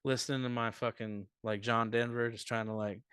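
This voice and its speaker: A man telling a profane, rambling comic story as a comedian guest on a live podcast, swinging between loud bursts and mutters. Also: medium pitch, fairly quick, clear, resonant tone, no echo, studio quality. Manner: animated, profane, rambling anecdote with big swings in loudness.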